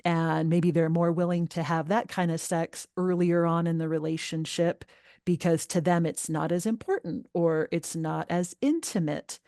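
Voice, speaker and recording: A middle-aged woman guest on a parenting interview, speaking earnestly and emphatically, growing animated when upset. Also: low-pitched, gravelly, dry recording, clean studio sound. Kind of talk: podcast interview.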